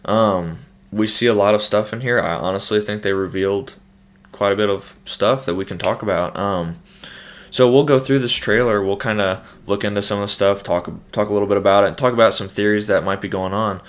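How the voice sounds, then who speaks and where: A man's voice: on the low side, steady tone, fairly quick. A young man hosting a casual, loose trailer breakdown, thinking aloud with many fillers and restarts. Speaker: host.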